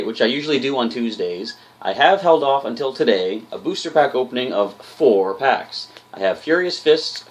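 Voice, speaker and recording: A man hosting a booster pack opening, chatting upbeat and directly to his viewers. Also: mid-range voice. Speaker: host of a card game channel.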